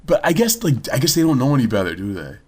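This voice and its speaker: A man's voice: medium pitch, big pitch swings, quick pace, a little mellow. A young man telling a story in casual podcast chat, blunt and swearing freely. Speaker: podcast co-host.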